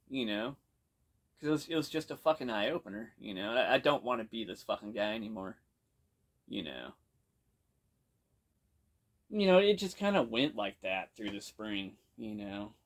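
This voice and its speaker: A man casually telling a story from his own past, rambling and swearing constantly, with lots of "you know". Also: mid-range voice. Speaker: podcast storyteller. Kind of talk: casual first-person storytelling.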